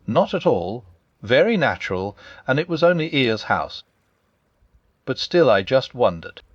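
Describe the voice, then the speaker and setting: Man doing a gloomy storybook donkey, slow and mournful, muffled dry sound. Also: mid-range voice, big pitch swings, no room sound. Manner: slow, mournful, sighing delivery. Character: gloomy old male donkey, melancholy and self-pitying.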